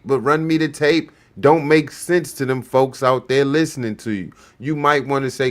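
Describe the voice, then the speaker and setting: A man's voice: mid-range voice, moderate pace, few pauses, fairly bright tone. A man hosting a livestream, heatedly reacting to clips with profane, mocking commentary. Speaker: show host reacting to clips.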